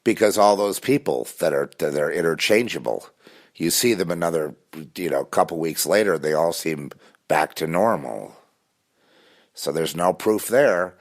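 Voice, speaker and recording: Low-voiced man, intense rambling monologue, repeats himself and restarts a lot. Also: very animated, measured pace, gravelly. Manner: intense, insistent.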